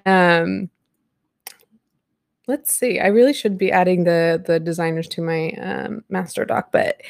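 A woman in her thirties hosts a casual live podcast from her home computer, chatting and rambling with frequent laughter. Her mid-range voice is a little mellow and measured in pace, captured in dry studio quality with no room sound.

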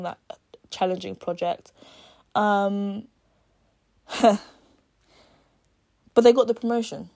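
Chatty young woman retelling a book. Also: mid-range voice. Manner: chatty and animated, acting out characters' lines, asking "right?". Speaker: book reviewer. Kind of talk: casual book talk retelling a plot.

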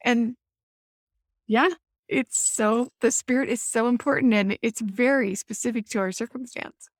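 A woman's voice: on the high side, unhurried, no echo, studio quality. A woman hosting a faith-based discussion among mothers over a video call, speaking in an affirming, heartfelt way. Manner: warm-hearted, affirming, emotional at times. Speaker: host.

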